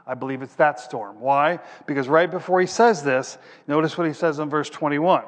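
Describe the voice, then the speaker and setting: This preacher's voice is fairly high, moving at normal speed with hardly any pauses. He reads scripture, explains it plainly, and hunts for passages aloud, his words echoing with the long reverb of a large hall.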